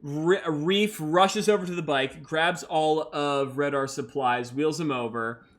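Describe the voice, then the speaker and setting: A man's voice: fairly high pitch, measured pace. A young man narrating a solo tabletop game as game master, talking casually with many fillers. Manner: casual, filler-heavy storytelling.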